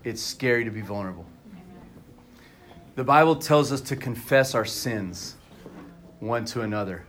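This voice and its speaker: A man's voice: mid-range voice, moderate pace, fairly bright tone, slight background noise. A man preaching a sermon as pastor at a church service, talking candidly and conversationally to the congregation.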